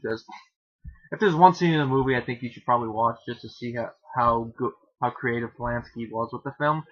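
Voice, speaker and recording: A man talks through a film in a loose, chatty review, often stopping to restart his sentences. His voice is bright and forceful at a mid pitch. The recording sounds dull and lo-fi. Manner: rambling, self-correcting, casually joking. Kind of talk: casual film review monologue.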